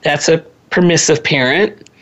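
In an unhurried, deep voice, a woman in her sixties hosts a talk on parenting. The lecture is conversational and chatty, full of asides and personal anecdotes, and she often laughs at herself.

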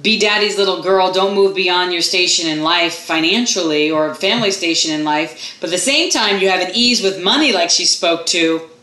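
A woman's voice: lowish voice, normal speed, hardly any pauses, sharp tone, reverberant, poor audio. A woman hosting a talk radio show, chatting enthusiastically with her co-host. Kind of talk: casual talk radio chat.

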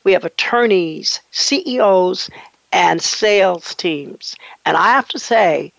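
A woman's voice: fairly low pitch, lively intonation, slow, gravelly, dry recording. A woman hosting a radio-style podcast, talking enthusiastically and heaping praise on her guest. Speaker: podcast host. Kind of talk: radio talk show hosting. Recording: dull lo-fi dry sound.

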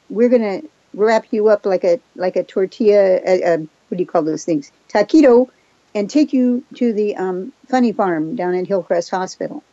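Woman, first language Japanese, fast and confident, fairly high voice, dry muffled sound. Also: no room sound. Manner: fast, animated, self-assured storytelling. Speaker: radio guest, therapist and hypnotist. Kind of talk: casual chat on a radio show.

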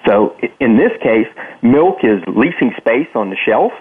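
A man's voice: medium pitch, sing-song, unhurried, slightly rough. A man speaking as a guest on a panel discussion, stumbling over words as he explains. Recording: tinny phone line.

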